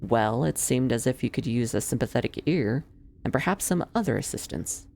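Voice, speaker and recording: A streamer reading the lines of a calm disembodied male spirit from a game, in measured, patient formal speech. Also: mid-range voice, vocal fry. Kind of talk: reading game dialogue aloud.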